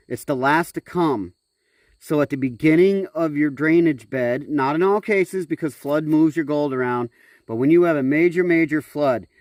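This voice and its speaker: A middle-aged man hosts a gold prospecting channel, narrating a casual outdoor vlog in a loose way with many fillers and restarts. His voice is medium-pitched with no echo.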